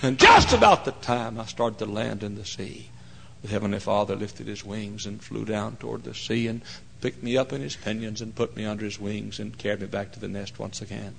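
A male pastor preaching a folksy, emphatic sermon that swings into loud cries. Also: on the low side, flat delivery, brisk, creaky, a little hiss or hum.

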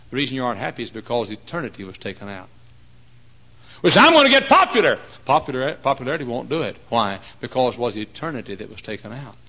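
A man delivering a church sermon with a gravelly, rough edge to his voice. His tone is bright and forceful, and he keeps the preaching animated, breaking into shouts and acting out other people's words. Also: on the low side, low-quality recording.

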